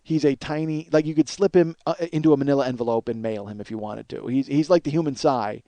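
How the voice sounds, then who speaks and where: A man hosting a podcast, telling a long rambling story on his own, full of swearing, trailing off into mumbles and then rising to excited shouting. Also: mid-range voice, fast talker, no echo. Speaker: podcast host. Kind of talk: solo storytelling monologue.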